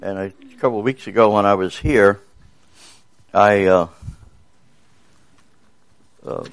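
Older bass-voiced man preaching. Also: takes it slowly, vocal fry, smooth. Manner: folksy and rambling, with many fillers. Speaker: visiting preacher. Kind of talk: sermon.

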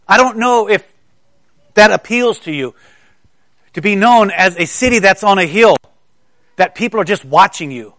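Man, middle-aged, from South Carolina, sermon, conversational, stammering restarts, fairly high voice, dry sound. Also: fairly bright tone, dry recording. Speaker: preacher.

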